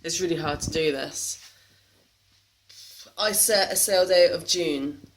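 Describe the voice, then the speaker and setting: A woman's voice: low voice, slow pace. A woman from England talking candidly to the camera in a vlog, frustrated and emotional, with faint background noise. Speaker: vlogger.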